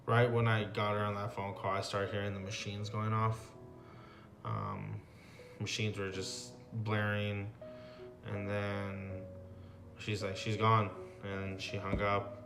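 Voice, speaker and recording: A young man in his twenties, a graduate student telling his personal story in an interview, speaking haltingly with many pauses and fillers. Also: fairly low pitch. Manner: halting, reflective, with frequent ums and likes.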